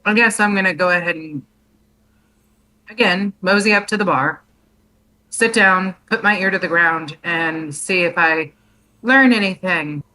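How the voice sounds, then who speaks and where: A woman's voice: lowish voice, measured pace, pauses often, pushed and bright, rough recording. A woman playing a tabletop game, talking in an easygoing, jokey drawl over a voice chat mic. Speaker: player. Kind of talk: casual tabletop game play.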